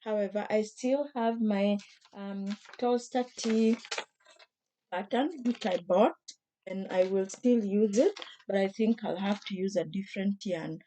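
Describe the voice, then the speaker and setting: Hoarse, mellow-voiced woman chatting about crafts. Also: medium pitch, normal speed, slight background noise. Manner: gentle, chatty, with frequent fillers and restarts. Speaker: crochet vlogger. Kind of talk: casual craft tutorial.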